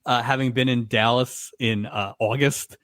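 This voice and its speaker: A man's voice: mid-range voice, steady tone, measured pace, fairly bright tone, no room sound, studio quality. A man co-hosting a podcast, chatting casually in a wry tone and laughing often. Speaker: podcast co-host. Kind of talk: casual chat.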